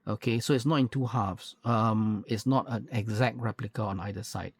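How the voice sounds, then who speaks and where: A man's voice: lowish voice, steady tone, moderate pace, slightly rough, no echo. A man walking through a model kit's parts in a chatty, pedantic way, full of fillers and self-corrections. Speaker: scale model reviewer. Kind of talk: unboxing walkthrough, casual commentary.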